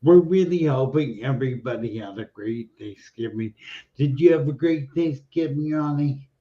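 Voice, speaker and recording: A man's voice: mid-range voice, animated, moderate pace, mellow. A man hosting an interview show, friendly and asking leading questions. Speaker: show host. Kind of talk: casual interview chat. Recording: dull lo-fi sound.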